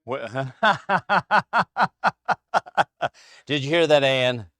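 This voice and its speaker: A man's voice: mid-range voice, animated, extremely slow, sharp tone, dry recording, clean studio sound. A man teaching a casual Bible class to a small group in a church classroom, chatty and anecdotal, chuckling often.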